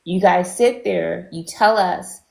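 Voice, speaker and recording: Slow, gravelly-voiced woman panelist. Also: on the low side, a little mellow, echoey room, poor audio. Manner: blunt, scornful, many fillers. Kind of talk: opinionated online panel talk.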